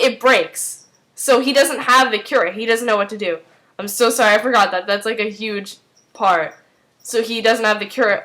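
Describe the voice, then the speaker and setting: A woman's voice: on the high side, bright, forceful tone. A young woman casually recapping a TV episode, rambling with many fillers and briefly acting out the characters' lines. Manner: rambling, many "like"s, acts out lines in quick voices. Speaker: recap vlogger.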